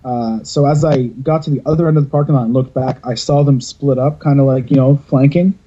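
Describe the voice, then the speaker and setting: A man's voice: medium pitch, fairly even intonation, a little fast, dark tone, lo-fi sound. A man hosting a podcast over a video call, telling stories in a rambling, casual way and swearing freely. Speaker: podcast host.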